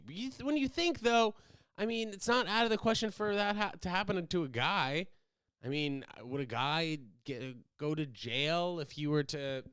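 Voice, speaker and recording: A man's voice: mid-range voice, smooth, dry recording, clean studio sound. A young American man hosting a casual solo podcast, rambling animatedly from topic to topic. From United States. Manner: animated, rambling, jumps into loud silly voices. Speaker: host.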